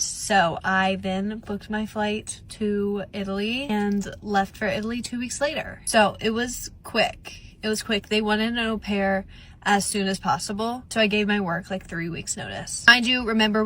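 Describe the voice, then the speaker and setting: A woman's voice: medium pitch, fairly even intonation, moderate pace. A young woman tells a chatty storytime to her phone camera, earnest and talkative. A faint hiss of noise sits under her voice. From United States. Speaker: vlogger. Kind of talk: storytime vlog.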